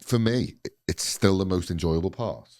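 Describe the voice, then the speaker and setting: Host, man, late 30s, very low dark voice, easygoing delivery, dry close sound. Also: normal speed, no room sound. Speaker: podcast host. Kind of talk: casual chat.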